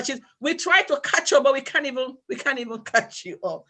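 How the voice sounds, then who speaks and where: A woman who heads the organization, closing an event with proverbs and thanks in a measured way. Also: high-pitched, animated, pushed and bright. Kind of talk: closing remarks at a community event.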